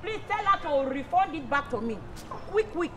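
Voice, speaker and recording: A woman's voice: high-pitched, lively intonation, moderate pace, noisy background. An actress with a Nigerian accent playing a boastful, bossy woman politician in a stage play skit. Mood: threatening. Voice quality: brash, bossy, threatening.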